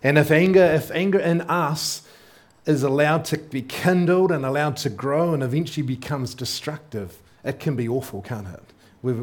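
A man's voice: mid-range voice, normal speed. Conversational male preacher asking rhetorical questions. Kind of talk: sermon, reading and explaining scripture.

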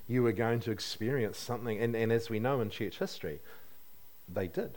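A man's voice: mid-range voice, expressive, fairly quick, darkish tone. A man preaching a sermon in a conversational way, asking his listeners questions and adding light humor.

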